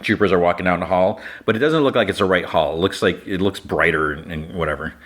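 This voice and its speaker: A podcast host casually retelling an episode scene by scene, in a loose style full of "like" and restarts. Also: male voice, sits low, quick pace, a bit bright.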